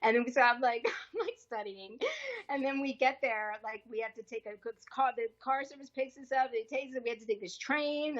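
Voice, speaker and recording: An actress being interviewed on a podcast, telling a career story in a casual, lively way and acting out the people she quotes with changing voices. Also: fairly high pitch, highs cut off. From US East Coast. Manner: lively, acts out quoted dialogue with shifting voices.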